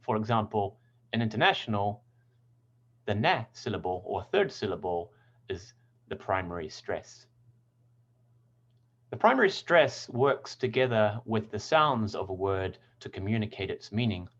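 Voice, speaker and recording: Male pronunciation teacher, low voice that swings widely in pitch, careful and clear, slightly dull recording. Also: expressive, a bit bright. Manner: clear, deliberate teaching with stressed example words. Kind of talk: scripted lesson.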